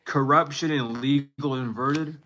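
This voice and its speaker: A man's voice: mid-range voice, fairly even intonation, a little slow, background noise. A man in his twenties giving a casual, rambling spiritual reading to viewers, often cutting himself off and laughing at himself. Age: 20s. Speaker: tarot reader.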